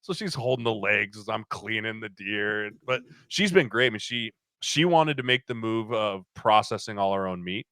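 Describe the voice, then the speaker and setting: A man in his thirties, a podcast guest, chatting casually and telling animated stories, acting out what people said. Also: on the low side, normal speed, few pauses, no room sound. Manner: animated storyteller, acts out quotes. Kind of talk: casual chat.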